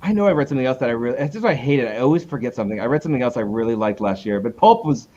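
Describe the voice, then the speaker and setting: A male comic book creator being interviewed in a casual chat. He rambles, restarts himself and jumps up in pitch when he retells conversations. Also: expressive, rapid-fire, dark tone, highs cut off.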